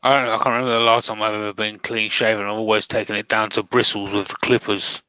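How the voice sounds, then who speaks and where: An English man chatting on a live stream, telling anecdotes in a relaxed way with plenty of ums and ahs. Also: on the low side, fast talker, clean tone, dry recording, muffled recording. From England. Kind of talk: casual chat, anecdote.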